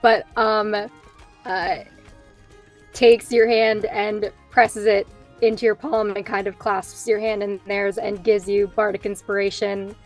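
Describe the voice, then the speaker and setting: A woman describing her character's actions in a tabletop game, pausing and hesitating as she goes. She speaks slowly, in a mid-range voice. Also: medium pitch, flat delivery, faint music behind. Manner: slow, hesitant, with fillers. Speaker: player.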